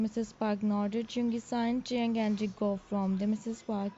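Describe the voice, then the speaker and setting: A woman reading a fan story aloud, calling out each character's name before their lines in halting, simple phrasing. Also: mid-range voice, little pitch movement, warm tone, slight background noise. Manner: halting, reads character names before each line with simple, non-native English phrasing. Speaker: fanfiction reader. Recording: dull lo-fi recording.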